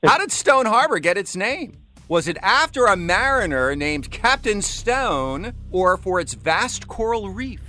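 High, lively male radio game host. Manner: playful, teasing, quick to laugh. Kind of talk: morning radio game show hosting. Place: radio studio.

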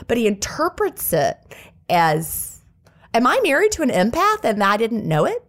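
A woman hosting a casual podcast, emphatic and animated, laughing often as she shares stories about home life. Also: on the high side, moderate pace.

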